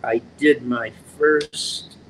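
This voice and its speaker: An older man, an actor, slowly telling stories from his career in a casual interview, acting out the voices he quotes. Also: mid-range voice, a little hiss or hum, rough recording. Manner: slow, animated storyteller acting out quotes.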